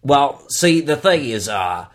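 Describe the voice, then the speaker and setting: A man playing a rambling wrangler of mythical creatures in an improvised comedy interview, halting with many fillers and calling people "mate". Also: mid-range voice, very animated, voice pushed up.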